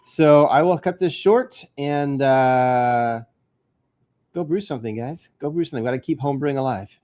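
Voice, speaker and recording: A man's voice: medium pitch, normal speed, darkish tone. A man hosting a homebrewing channel, talking casually to the camera in a rambling way, with lots of fillers and restarts.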